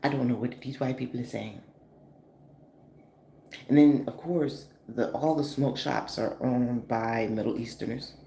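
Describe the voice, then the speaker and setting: A woman in her forties from the northeastern US telling a story in a casual, animated, profane vlog style, full of fillers. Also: very deep voice, measured pace, gravelly. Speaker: vlogger. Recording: echoey room with faint noise.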